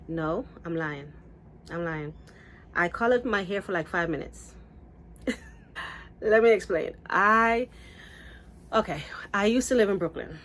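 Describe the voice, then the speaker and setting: Chatty woman telling a story, low voice. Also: slight background noise. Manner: lively, acts out quotes with big pitch jumps; rambling, with many restarts and asides. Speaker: beauty vlogger. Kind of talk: casual storytelling to camera.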